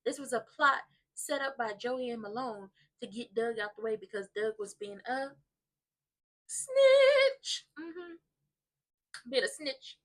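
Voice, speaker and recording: High-voiced sassy woman recapping soaps. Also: moderate pace, fairly bright tone. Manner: dramatic and sassy, mock crying and playful exaggeration. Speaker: soap opera recap vlogger. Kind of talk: comedic TV recap commentary.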